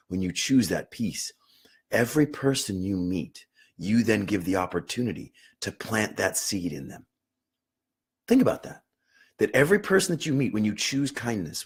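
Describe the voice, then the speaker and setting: Young male meditation teacher, husky and lowish voice, earnest and emphatic, repeats key words. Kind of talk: unscripted teaching talk on meditation.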